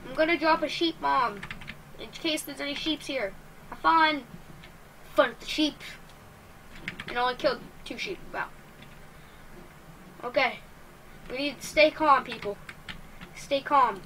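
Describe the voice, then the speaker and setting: A woman giving excitable let's play commentary while she plays, exclaiming and talking to herself. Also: high voice, unhurried, pauses often, slight background noise. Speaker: gamer.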